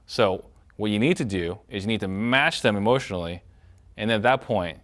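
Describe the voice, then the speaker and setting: A man teaching a sales training lesson in a direct coaching tone, acting out what prospects say and shifting his loudness and pace to show his points. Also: fairly low pitch, moderate pace.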